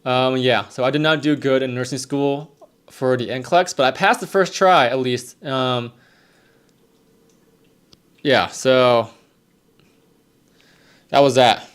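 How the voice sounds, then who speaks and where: A man's voice: medium pitch, slow, long pauses, clear, resonant tone. A young man, a nurse casually answering viewer questions on a live stream, rambling and repeating himself. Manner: rambling, repeats himself, reads chat aloud.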